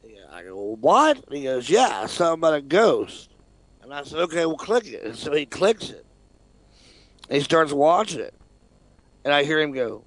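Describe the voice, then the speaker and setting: A man's voice: medium pitch, normal speed, pauses often, dry recording. A man co-hosting a casual radio talk show, telling a story with lots of laughter and swearing. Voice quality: animated, swearing, laughs often.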